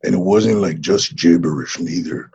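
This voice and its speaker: Male actor as a mellow ex-wrestler guest: low, very husky drawl, calls everyone "man". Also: normal speed, muffled recording, full character voice. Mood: laid-back. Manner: laid-back, drawling, says "man" constantly. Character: laid-back Mexican ex-wrestler man who hatched from an egg. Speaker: interview guest. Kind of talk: improvised comedy interview.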